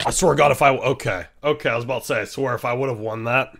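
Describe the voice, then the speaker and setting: A man streaming a game, giving casual, excitable commentary, laughing often and teasing other players. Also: mid-range voice, racing, creaky.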